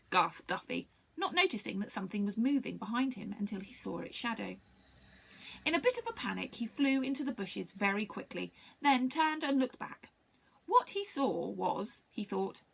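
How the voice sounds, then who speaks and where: A woman reads a children's story aloud at story time. Her voice is fairly high, with a gravelly texture, and it rises and falls with lively expression. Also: a little hiss or hum. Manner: expressive, animated reading. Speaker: library story reader.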